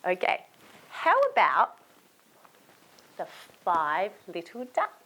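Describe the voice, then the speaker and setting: A woman's voice: medium pitch, very animated, a little slow, music in the background. An Australian woman hosting a children's storytime show, coaxing young kids directly in a playful voice with gasps and exclamations. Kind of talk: children's storytime and sing-along.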